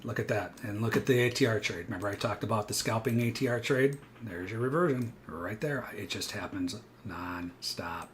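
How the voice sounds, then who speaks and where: A man's voice: lowish voice, slight background noise. A man coaching viewers through live futures trades, explaining chart patterns and acting out panicked traders with bursts of energy. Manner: animated, acts out panicked traders, rapid asides. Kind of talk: live trading walkthrough.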